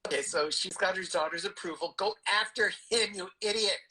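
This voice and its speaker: A woman's voice: medium pitch, fairly quick, bright, forceful tone, slight background noise, low-quality recording. A woman host commenting on a film as she watches, teasing the characters and urging them on.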